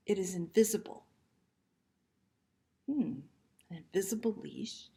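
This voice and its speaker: A woman librarian reads a picture book aloud to young children at an unhurried pace. Her voice is gentle and soft-spoken, often sinking to a hushed near-whisper. She keeps turning to the children with questions. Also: mid-range voice, lively intonation.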